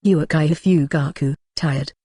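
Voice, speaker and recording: A text-to-speech audiobook narrator reading a web novel, speaking punctuation marks like "exclamation mark" aloud in an even delivery. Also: mid-range voice, slow, no room sound, clean studio sound.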